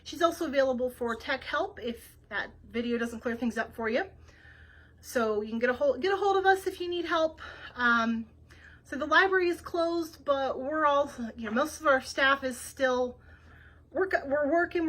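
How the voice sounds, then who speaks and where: A woman's voice: high voice, moderate pace, fairly bright tone. A woman librarian hosting a children's read-aloud, chatty and laughing easily as she rambles. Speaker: librarian host.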